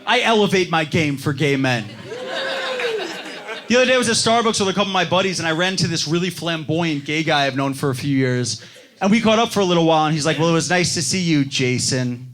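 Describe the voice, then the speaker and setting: High-voiced young comedian doing stand-up. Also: male voice, lively intonation, quick pace. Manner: self-deprecating, acts out voices of other people. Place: comedy club stage before a live audience. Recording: live club set with loud crowd laughter. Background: audience laughter.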